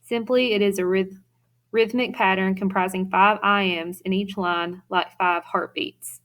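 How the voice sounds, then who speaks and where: A woman's voice: mid-range voice, fairly even intonation, a little slow, fairly bright tone. Woman teacher reading lesson notes. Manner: reads notes aloud steadily, with occasional fillers. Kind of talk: recorded classroom lecture.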